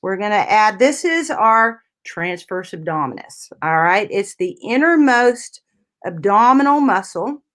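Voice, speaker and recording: A woman physical therapist guiding listeners through anatomy on a talk radio interview. Her voice sits in a middle pitch, and she talks in a patient, step-by-step way, often tagging on "you know" and "right?" as she explains. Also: animated, measured pace, a bit bright.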